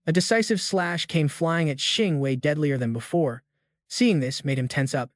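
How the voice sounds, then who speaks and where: A man's voice: on the high side, moderate pace, no room sound, studio quality. A man narrating a comic recap in a slangy, hyped-up storytelling manner. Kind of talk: scripted narration.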